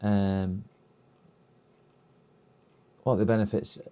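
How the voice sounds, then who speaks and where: A man's voice: lowish voice, flat delivery, slow, warm tone. A man on a live repair stream, thinking aloud and reading instructions half to himself with hesitant fillers. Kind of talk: casual live-stream chat. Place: repair workbench.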